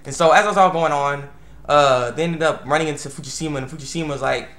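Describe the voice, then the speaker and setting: A young man reviewing an anime episode in a rambling, excitable way, full of restarts and fillers. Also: fairly high pitch, quick pace, reverberant. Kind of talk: casual video review.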